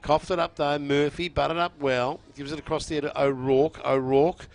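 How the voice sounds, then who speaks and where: A man giving energetic play-by-play of a football match on radio, pushing louder on the big moments. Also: fairly high pitch, moderate pace, vocal fry. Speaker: co-commentator. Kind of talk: radio sports commentary.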